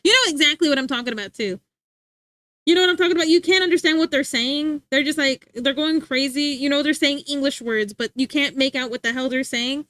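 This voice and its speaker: A woman's voice: sits high, a little fast, fairly bright tone, no room sound. A woman livestreamer chatting casually with her viewers, giggly and full of filler words.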